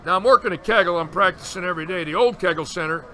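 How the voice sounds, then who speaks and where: The bowling commentator, a man in his sixties, talks rapid-fire in a voice that sits high. He's an animated storyteller, casually telling long stories and acting out every quote, over noticeable background noise.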